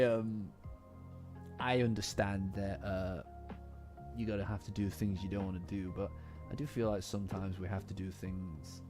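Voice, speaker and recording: Low-voiced man rambling casually over lofi. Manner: rambling, swearing, laughing, answering chat. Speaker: streamer reacting to chat. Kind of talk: casual live-stream chat. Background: faint lofi music.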